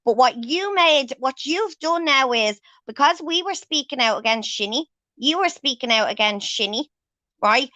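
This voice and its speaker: A woman's voice: high voice, animated, moderate pace, sharp tone, no echo, highs cut off. A woman hosting a livestream, ranting angrily and swearing heavily as she confronts someone. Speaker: livestream host. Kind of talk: angry livestream rant.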